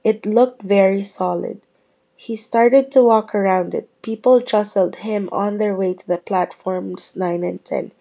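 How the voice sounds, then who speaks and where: Husky woman reading a book aloud. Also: medium pitch, a little slow. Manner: steady storytelling with small slips and restarts. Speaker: reader.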